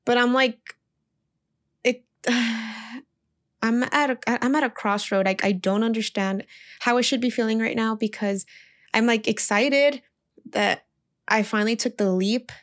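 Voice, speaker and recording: A woman's voice: on the high side, fairly even intonation, a little slow, long pauses. A young woman, a teacher, casually telling a personal story in a chatty way, full of "like" and quoted speech. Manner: chatty, heavy use of "like", emotional retelling. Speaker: teacher leaving her job.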